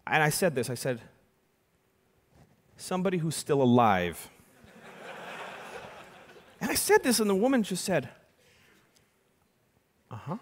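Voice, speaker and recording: A young adult man giving a conference keynote, telling a story with sudden loud and soft turns on a stage microphone. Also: a little high, big pitch swings, measured pace, long pauses. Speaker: keynote speaker. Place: large conference hall. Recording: long hall reverb.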